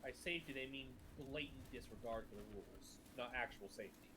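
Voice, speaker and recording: A man's voice: medium pitch, brisk, background noise. A man chatting about a video game, enthusiastic and sarcastic, swearing freely. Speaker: co-host watching a game stream. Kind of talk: casual gaming chat.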